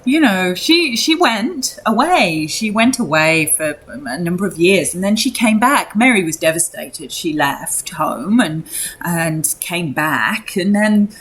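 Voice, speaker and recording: A woman voicing a weary, kindly young man who leads a village, talking in halting, soothing bits. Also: on the low side, expressive, fairly bright tone, breathy edge, full character voice, low-quality recording. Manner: halting, soothing, full of restarts.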